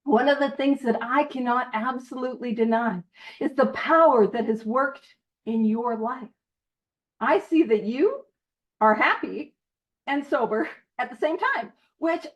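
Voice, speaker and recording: This Canadian woman has a high, lively voice, and the recording's upper frequencies are cut off. She's a guest speaker at a recovery study meeting, giving a casual talk that's jokey and prone to tangents.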